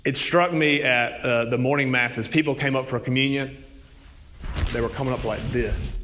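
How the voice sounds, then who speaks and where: A man's voice: mid-range voice, normal speed, pushed and bright, long reverb tail, a little hiss or hum. A man preaching a sermon, telling stories in an earnest manner. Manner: storytelling, earnest.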